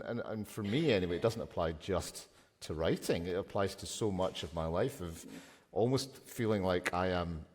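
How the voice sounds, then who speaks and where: A man hosting a live stage interview, asking playful, animated questions. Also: low voice, slightly rough. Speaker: host. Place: festival hall stage. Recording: long hall reverb, festival stage.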